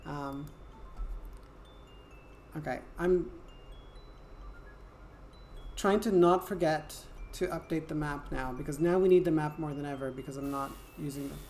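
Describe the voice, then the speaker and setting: A woman's voice: low voice, measured pace, long pauses, mellow, slight background noise. Chatty French-accented woman streamer. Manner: chatty, playful, swears casually. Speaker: game streamer. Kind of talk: casual gameplay chat.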